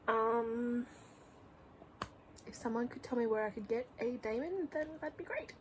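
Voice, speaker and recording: A woman's voice: a little high, a little mellow, a little hiss or hum, poor audio. A young woman chatting casually in a reading vlog at home, gushing and rambling, often dropping to a whisper. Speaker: book vlogger. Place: home room.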